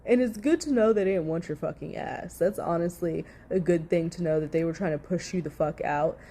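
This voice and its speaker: Cussing woman venting in a reaction commentary, low-ish pitch, mellow tone. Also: a little fast, slight background noise. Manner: ranting, swears heavily.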